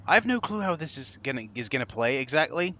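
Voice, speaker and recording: Young guy doing snarky gameplay commentary, swears a lot, bright lively voice. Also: mid-range voice, quick pace, highs cut off. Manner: sarcastic, exasperated, swears freely. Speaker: game commentator.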